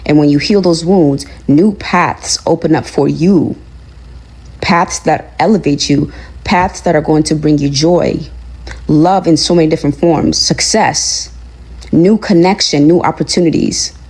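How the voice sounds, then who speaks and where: A woman's voice: sits low, unhurried, darkish tone, slightly rough, low-quality recording. Woman giving an earnest, preachy life lesson. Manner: earnest, preachy, repetitive phrasing. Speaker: online commentator. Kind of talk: motivational talk, sermon-like.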